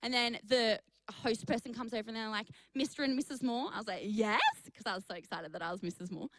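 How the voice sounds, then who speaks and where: A young woman, a youth pastor, telling a story to young people on a live stream, chatty and energetic, speaking to the chat. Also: a little high, fast talker, no echo, rough recording. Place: studio for an online youth stream.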